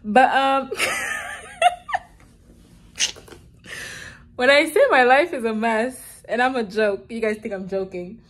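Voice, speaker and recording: A woman's voice: fairly high pitch, moderate pace, hardly any pauses. A young woman talking to the camera at home in a casual, rambling vlog, often laughing at her own mishaps. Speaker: vlogger.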